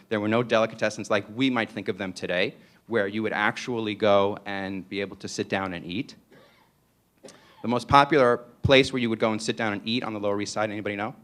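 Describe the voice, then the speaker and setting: A man with a New York accent gives a public lecture in a somewhat low voice. He is playful and digressive and keeps tossing rhetorical "right?"s at the audience. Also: fairly bright tone.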